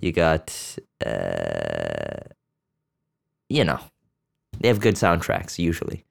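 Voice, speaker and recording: A man's voice: very deep voice, wildly swooping pitch, slow pace, creaky. A man hosting a podcast, rambling bluntly and crudely about a movie, with lots of fillers and restarts. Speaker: podcast host. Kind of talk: casual profane movie chat.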